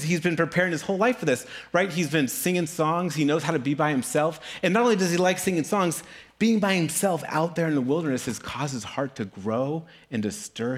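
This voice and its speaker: A middle-aged man, a pastor, telling a story in a casual, animated sermon, keeps asking "right?" and acting out voices. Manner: animated, acts out voices with big pitch swings.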